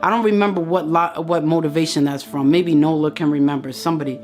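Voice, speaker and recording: A woman's voice: low-pitched, steady tone, fast, darkish tone, soft background music. Impassioned woman preaching to listeners. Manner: preachy, addresses listener directly, repeats phrases for emphasis. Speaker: motivational speaker. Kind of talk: impassioned motivational address to viewers.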